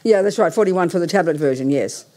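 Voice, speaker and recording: A woman's voice: fairly low pitch, lively intonation, fast talker, warm tone. An older woman, a Buddhist nun, teaching in a blunt, outspoken and bossy casual manner.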